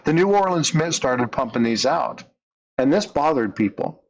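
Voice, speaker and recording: A man's voice: mid-range voice, lively intonation, moderate pace, vocal fry, rough recording. A man narrating a story in a conversational way, leaning into the dramatic moments. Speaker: storyteller, coin channel host.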